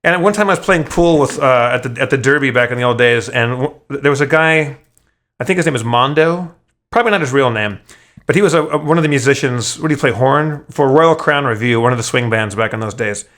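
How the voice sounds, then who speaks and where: A man's voice: medium pitch, animated, fairly quick, a bit bright. A man telling a long story in casual podcast chat, rambling with frequent stammered restarts and swearing. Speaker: podcast host.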